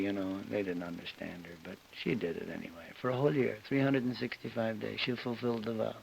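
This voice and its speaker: A man's voice: lowish voice, fairly even intonation, a little fast, vocal fry, few pauses, darkish tone. A man telling an emotional personal story as a guest on a television panel show. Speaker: celebrity guest. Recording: dull 1961 TV broadcast with hiss.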